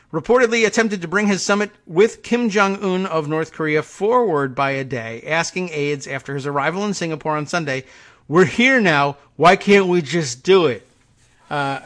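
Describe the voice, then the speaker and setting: A man's voice: fairly high pitch, a bit bright. A man hosting a political podcast, reading news stories aloud with sardonic, wry asides.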